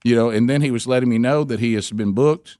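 A man's voice: fast talker, no room sound, clean studio sound. A middle-aged man, hosting a talk radio show and telling a rambling family story. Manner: rambling, animated, jumps into high voices for quoted people.

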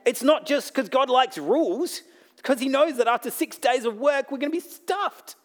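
Blunt, jokey Australian pastor with a high voice. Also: male voice, expressive, normal speed. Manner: blunt, jokey, swings between loud bursts and quiet asides. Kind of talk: sermon.

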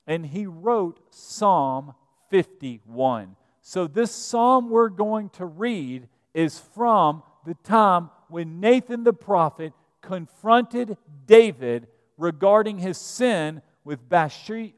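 A man, the pastor, preaching a sermon and retelling a scripture story in a lively storytelling manner. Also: sits high, slow pace. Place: church sanctuary. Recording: church sanctuary with long reverb.

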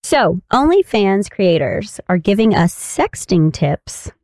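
A woman's voice: medium pitch, very animated, takes it slowly, darkish tone, no room sound. A woman co-hosting a podcast, playful and teasing in casual chat. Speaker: podcast co-host.

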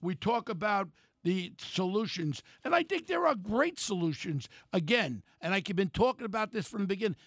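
An older man, delivering a blunt, angry talk radio rant and shouting at times. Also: high voice, big pitch swings, moderate pace, breathy edge, dry recording, clean studio sound.

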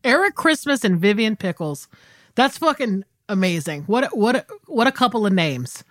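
A woman's voice: mid-range voice, big pitch swings, normal speed, no echo. An enthusiastic woman co-hosting a film podcast, her voice bouncing up and down as she reacts. She swears casually and keeps it loose. The sound is close and dry. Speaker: podcast co-host.

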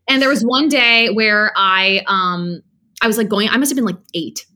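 A woman talking in an animated, laughing way while she tells her own stories in an interview. Her voice sits at a middle pitch, and she keeps slipping into little voices for the people she quotes. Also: moderate pace. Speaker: guest. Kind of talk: casual storytelling interview.

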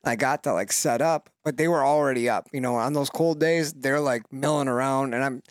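Male podcast co-host, steady matter-of-fact talker, dry close mic. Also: mid-range voice, brisk, no room sound. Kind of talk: casual chat.

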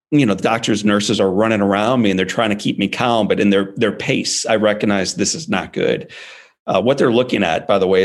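A man in his forties with a gravelly, fairly low voice, telling a personal story in an interview. He talks in an emphatic, animated way and leans hard on key words. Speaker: guest speaker.

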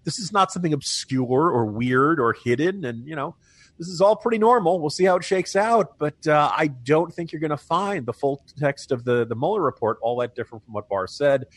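A political commentator co-hosting a podcast, he chats casually with a wry edge and frequently laughs at his own jokes. His voice sits a little high and sounds animated and fairly quick, with no echo.

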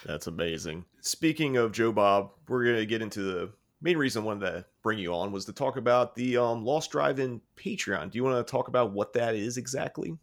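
A man's voice: mid-range voice, expressive, brisk, few pauses. A man hosting a casual interview, supportive of his guest and blunt, with some swearing. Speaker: podcast host.

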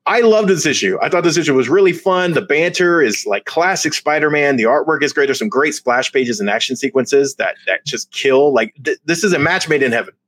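A man co-hosting a podcast, reviewing comics in casual chat, excitable and laughing often as he gets mock-outraged. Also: fairly high pitch, brisk, few pauses, no echo. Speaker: podcast co-host.

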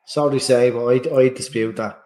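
A man's voice: mid-range voice, fairly even intonation, normal speed, a little mellow, poor audio. A man with an Irish accent co-hosting a podcast, rambling and hesitant in casual chat, swearing freely. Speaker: podcast co-host.

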